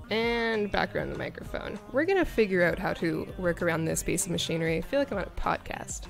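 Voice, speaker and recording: A woman's voice: lowish voice, creaky. A woman live-streaming a game, chatting in a bubbly, casual way with her viewers as she plays. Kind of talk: casual live-stream chat while gaming.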